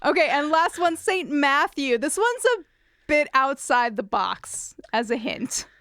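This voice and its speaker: A woman co-hosting a podcast, quizzing her guests in casual, unhurried chat. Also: high-pitched, lively intonation, a bit bright, no echo, studio quality. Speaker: podcast co-host.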